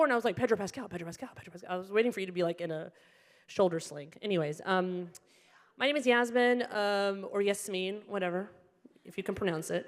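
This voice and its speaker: A woman from Egypt performs a stand-up set on stage, animated and teasing. Her voice sits in an ordinary middle register for a woman. The sound carries the long reverb of a hall. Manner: animated, playful, acts out people in high voices. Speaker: stand-up comedian. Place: comedy venue on stage.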